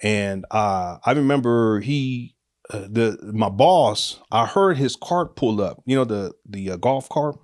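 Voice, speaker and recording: Middle-aged guy telling a story from his past, laughs a lot, gets loud acting out the quotes. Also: lowish voice, measured pace, no room sound, clean studio sound. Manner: animated, laughs often, acts out quotes with raised voice. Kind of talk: casual personal storytelling.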